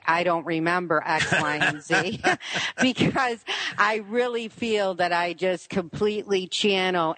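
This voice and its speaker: A woman's voice: medium pitch, fairly bright tone, no room sound, low-quality recording. A middle-aged woman, a psychic guest on a radio show, speaking in an earnest, heartfelt way. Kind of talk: casual radio interview.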